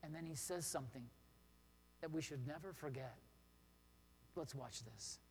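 A man's voice: on the high side, moderate pace, slight background noise. A man preaching a sermon as pastor, earnest and encouraging, often asking his listeners questions. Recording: long hall reverb.

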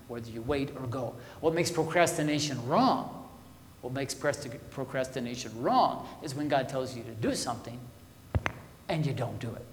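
A man preaching a sermon as a pastor, conversational and questioning his listeners, moving between loud emphasis and quiet asides. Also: on the high side, slight background noise. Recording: echoey hall with long reverb.

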